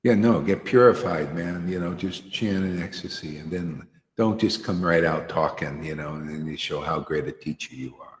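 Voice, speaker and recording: A man's voice: low-pitched, normal speed. A man giving an informal devotional talk to a small group, earnest and slangy, peppering his words with "you know" and "man". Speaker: spiritual teacher. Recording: roomy hall echo.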